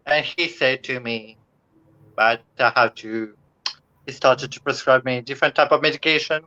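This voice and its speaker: A man from Mauritius, a guest on a video-call interview, telling his story in a halting way and searching for words. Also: mid-range voice, pushed and bright, dull audio. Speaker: guest speaker.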